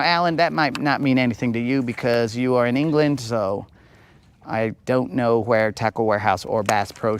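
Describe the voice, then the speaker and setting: An American man with a mid-range voice hosts a live fishing stream from a boat outdoors. He chats with viewers casually, joking around in slangy talk, and the recording sounds dry.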